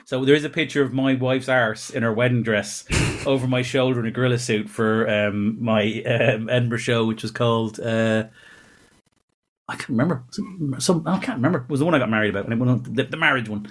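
A man's voice: medium pitch, a little fast. A man, a comedian guest telling rambling, self-interrupting comic anecdotes in casual chat.

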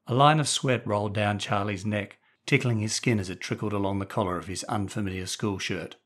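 A man narrates a story in a steady, measured way. His voice sits somewhat low. It is scripted audiobook narration.

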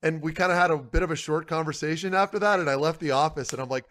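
A man's voice: fairly high pitch, racing. A man co-hosting a casual sports talk show, telling a long story in a rambling way that keeps trailing off. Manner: rambling, self-correcting, trailing off quietly. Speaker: co-host, former hockey player.

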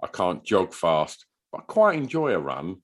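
A man's voice: sits low, wildly swooping pitch, normal speed. A man, co-hosting a podcast, chatting casually and telling rambling stories with some swearing. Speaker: podcast co-host. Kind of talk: casual chat.

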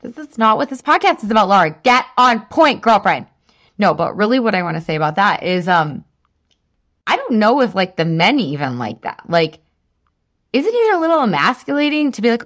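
A woman's voice: medium pitch, sing-song, normal speed, a bit bright. A woman in her thirties hosting a casual solo podcast, chatty and full of "like", laughing at herself. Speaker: podcast host.

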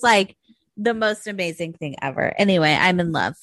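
A young woman co-hosting a podcast in casual, animated chat, swearing freely and jumping high for quoted voices. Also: fairly quick, no echo. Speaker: podcast co-host.

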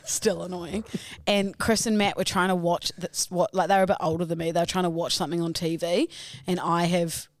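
A young woman co-hosting a casual podcast chat, telling childhood stories with lively, loud put-on quotes. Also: lowish voice, a little fast, no room sound. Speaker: podcast co-host.

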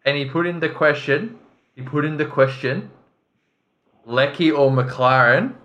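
A man's voice: a little high, measured pace, a bit bright, highs cut off. A man co-hosting a football podcast, telling stories in a rambling, stop-start way with many restarts. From Australia. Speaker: podcast co-host. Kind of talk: casual chat.

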